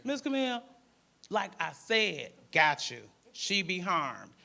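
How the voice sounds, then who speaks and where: A man's voice: sits high, sing-song, slow, vocal fry, pushed and bright. A man with a Detroit accent, a panelist and former crisis worker, telling a story in casual speech and acting out the voices of the people in it.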